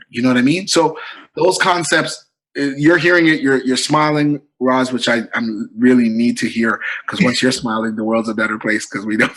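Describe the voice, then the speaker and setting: Bright, husky-voiced man telling stories. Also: mid-range voice, rough recording. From Canada. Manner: animated storyteller, acts out quoted voices, repeats "you know what I mean". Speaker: comedian guest. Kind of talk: casual podcast storytelling.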